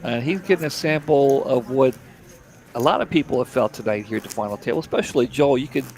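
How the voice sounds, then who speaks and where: A man's voice: medium pitch, quick pace, a little mellow. A middle-aged man from Delaware giving laid-back, chatty play-by-play commentary on a live poker broadcast.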